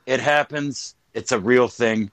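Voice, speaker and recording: A man's voice: mid-range voice, unhurried, a bit bright, no room sound. A man co-hosting a podcast, talking in a crude, joking, self-mocking casual chat. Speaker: podcast co-host.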